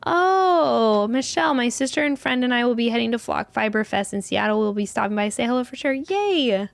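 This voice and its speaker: A woman hosting a live stream, hoarse as her lost voice slowly returns, who giggles often and clears her throat now and then while chatting casually with viewers. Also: a little high, lively intonation, no room sound. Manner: giggly, breaks into laughter often. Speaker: yarn shop live stream host.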